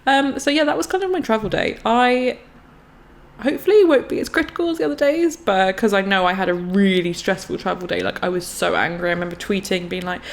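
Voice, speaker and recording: A woman's voice: medium pitch, fairly quick, creaky. A woman giving casual reaction commentary on her own old vlog, chatty and self-mocking. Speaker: YouTuber.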